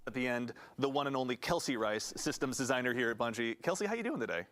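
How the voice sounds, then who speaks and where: Very fast-talking man hosting a livestream. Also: medium pitch, lively intonation, a bit bright. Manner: upbeat, scripted introductions. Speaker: stream host interviewing developers. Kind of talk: hosted developer livestream.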